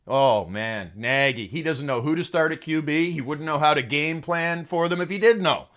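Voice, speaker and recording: A man's voice: a little high, normal speed, fairly bright tone. A man hosting a comedic sports monologue, crude and sarcastic, who swears freely and chuckles at his own jokes. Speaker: host.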